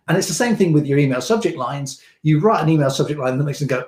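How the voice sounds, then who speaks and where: A man's voice: a little high, lively intonation, quick pace, few pauses, a little mellow. A man coaching a live online session, explaining casually with lots of fillers and restarts. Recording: roomy echo.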